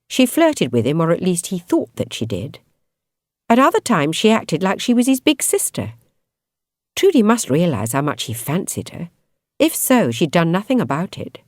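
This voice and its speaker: A woman reading a novel aloud as an audiobook narrator, in expressive, measured storytelling. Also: low-pitched, no echo, clean studio sound. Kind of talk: scripted narration.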